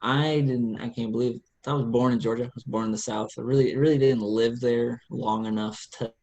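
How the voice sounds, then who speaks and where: A podcast co-host from central Pennsylvania, telling stories in relaxed, rambling casual chat. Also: male voice, mid-range voice, brisk.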